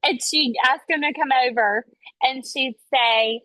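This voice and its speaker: A woman's voice: high-pitched, measured pace, sharp tone, no echo. A woman leading her sales team on a video call, chatty and enthusiastic as she coaches. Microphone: video call, webcam. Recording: dull lo-fi call audio, dry.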